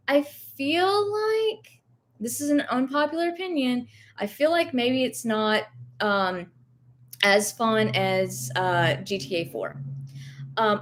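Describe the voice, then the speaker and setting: A young woman with a light Southern US accent, chatting casually on a livestream, rambling and reading viewer comments while sick with Covid. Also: medium pitch. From rural American South. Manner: chatty and rambling, many fillers and self-corrections. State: has Covid. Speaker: livestream host, reseller.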